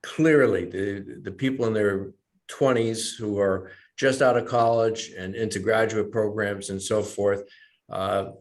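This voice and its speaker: A man speaking as a panel participant over a video call, measured with hesitant fillers. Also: on the low side, steady tone.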